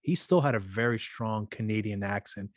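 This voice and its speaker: A man's voice: lowish voice, moderate pace, no echo, clean studio sound. A man hosting a casual interview show, rambling and often stumbling over his words. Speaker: podcast host.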